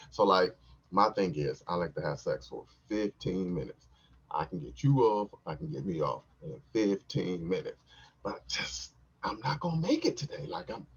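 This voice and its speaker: A man tells a story from his own life in a laid-back, slangy, rambling way. His voice sits low and a little husky. The recording is dull and lo-fi. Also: expressive, fairly quick. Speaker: podcast host. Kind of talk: casual storytelling.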